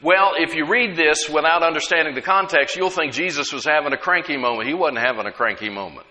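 A man's voice: fairly high pitch, fairly quick, sharp tone. A man preaching a sermon, emphatic and conversational, often asking the congregation questions. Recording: long hall reverb.

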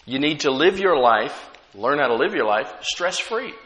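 A man's voice: a little high, big pitch swings, moderate pace, fairly bright tone, in a large hall. A man preaching a sermon as pastor, conversational, with frequent rhetorical questions to the congregation.

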